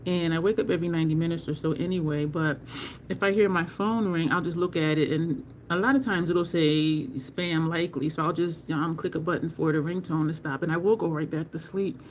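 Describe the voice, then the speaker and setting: A woman hosting a makeup livestream from home, talking slowly and rambling while she greets viewers from the chat. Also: deep voice, steady tone, slight background noise.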